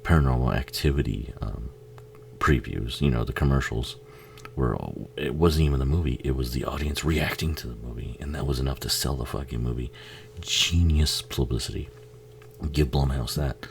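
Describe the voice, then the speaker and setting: A man's voice: a bass voice, moderate pace, vocal fry, a little hiss or hum. A man giving a casual, rambling watch-along commentary on a film, swearing freely and laughing often.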